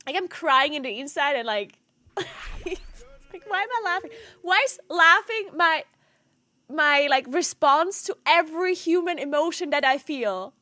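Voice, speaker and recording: A woman's voice: sits high, animated, measured pace, bright, forceful tone. A woman streaming live, chatting casually with her viewers, laughing often and swearing. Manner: laughing helplessly, swearing, talking to chat.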